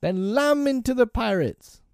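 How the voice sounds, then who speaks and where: Man doing a high crowing boy hero. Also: expressive, measured pace, vocal fry, darkish tone, clean tone, dry recording, studio quality, full character voice. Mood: triumphant. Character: boastful boy hero, cocky and gleeful.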